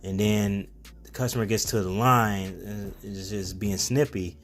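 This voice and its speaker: A man's voice: lowish voice, steady tone, unhurried, soft background music. A man giving a casual, rambling storytelling monologue as a self-help vlogger, with plenty of fillers and restarts.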